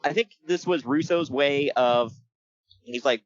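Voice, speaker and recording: A man's voice: mid-range voice, a little slow, dry recording, dull audio. A man co-hosting a casual podcast, joking and laughing as he recaps a wrestling show. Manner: joking, animated, laughs often. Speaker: podcast co-host.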